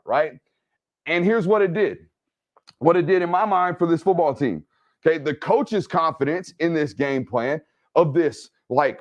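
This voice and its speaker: A man talking through game film with steady energy and a voice pitched a little high. He narrates each play and keeps checking in with his listener with "right?" and "okay?". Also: unhurried, dull audio. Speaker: football film analyst and host. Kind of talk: game film breakdown commentary.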